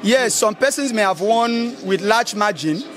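Very high-voiced Nigerian man. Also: unhurried, a little hiss or hum. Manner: excited, emphatic, repeats phrases. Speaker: football fan giving a post-match reaction. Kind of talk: street interview.

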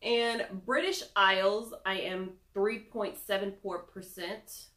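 A woman's voice: medium pitch, steady tone, slow pace, hardly any pauses, a bit bright, echoey room. A young woman chatting casually through a product review, self-deprecating with giggly asides. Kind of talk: casual screen-recorded review.

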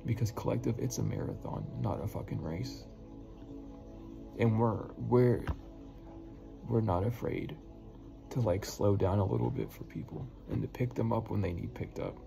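Low-voiced guy, bit gravelly, earnest spiritual pep talk to his viewers, curses casually, music going behind him. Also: big pitch swings, normal speed, long pauses, warm tone. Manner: earnest and encouraging, repeats words, casual swearing. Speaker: spiritual healer giving messages. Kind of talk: heartfelt spiritual message to viewers. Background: music playing.

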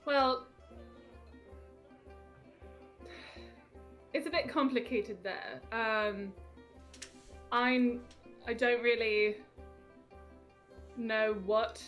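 A woman's voice: on the high side, fairly bright tone. A woman voicing a polite young orphan adventurer who asks questions hesitantly. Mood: uncertain.

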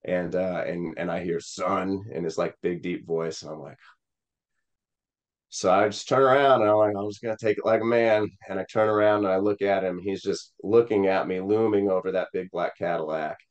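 A man's voice: low-pitched, steady tone, moderate pace, muffled recording. A man from Missouri, a Senate candidate, telling an emotional personal story with many fillers and acted-out quotes. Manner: rambling with many fillers, quoting voices.

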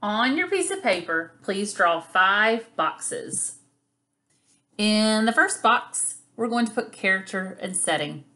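A woman teacher reading a picture book aloud for young children in a video lesson. Her voice rises and falls a great deal, and she guides the class patiently with warm encouragement. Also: mid-range voice, very animated. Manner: patient, encouraging, speaks slowly to young learners.

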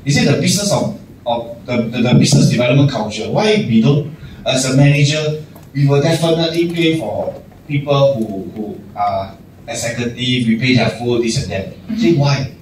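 Speaking at normal speed in an animated, medium-pitched, slightly mellow voice, a male general manager motivates his staff informally, acting out small scenes and laughing a lot. A distant mic in an echoing room captures him amid noise.

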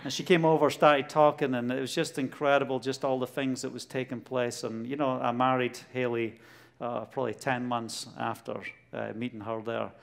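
A middle-aged man with a Glasgow Scottish accent gives a testimony sermon, telling a story with lively bursts and acting out dialogue. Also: medium pitch, normal speed, creaky. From Scotland. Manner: animated storytelling, laughs often, acts out dialogue. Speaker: preacher.

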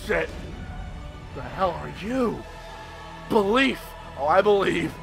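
Young guy hyped up playing a game, cursing a lot, super lively voice, game music loud behind. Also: sits high, drawn-out words, gravelly. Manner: excitable, swears, mimics lines. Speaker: gameplay video host. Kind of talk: casual gameplay commentary.

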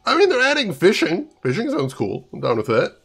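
A man's voice: high-pitched, wildly swooping pitch, a little fast, gravelly, a bit bright, husky, faint music behind. Chatty man streaming a game. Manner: chatty, reads chat aloud. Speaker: gaming streamer. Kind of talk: casual game commentary.

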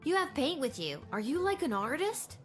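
A woman's voice: high voice, sing-song, normal speed, faint music behind. A woman voicing a young daughter who teases her father in a video game. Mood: wry. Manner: wry, teasing. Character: young daughter, dry and sensible.

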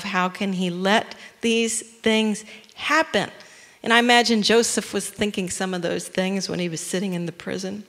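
An animated woman preaches a sermon in a chatty, conversational way at a middling pitch. Her voice carries through a church with a long hall reverb. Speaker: guest speaker.

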